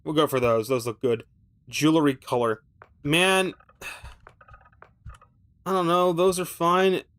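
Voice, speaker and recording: A man's voice: on the high side, steady tone, takes it slowly, a bit bright. A man streaming a game, thinking aloud with casual commentary that rambles, swears freely and slips in wry, self-mocking asides.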